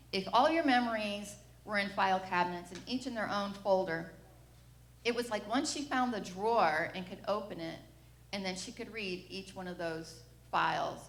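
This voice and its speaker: In an echoey church sanctuary, a mother in middle age shares her testimony candidly, voicing the quoted lines as she goes. She speaks at a medium pitch.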